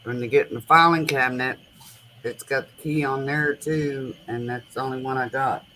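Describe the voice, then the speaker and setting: Her voice is deep, almost bass, and she talks at a normal speed while hosting an easygoing conversation. She rambles animatedly through stories in everyday, informal language, recorded at home with plenty of noise.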